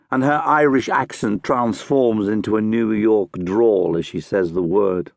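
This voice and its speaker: A man narrating a crime novel audiobook in a measured, dramatic storytelling manner. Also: low voice, no echo.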